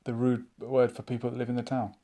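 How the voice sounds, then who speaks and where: A man hosting a live online chat show, musing out loud and reading viewers' comments aloud in a casual, thinking-aloud way. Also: mid-range voice, monotone, fast. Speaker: livestream chat host.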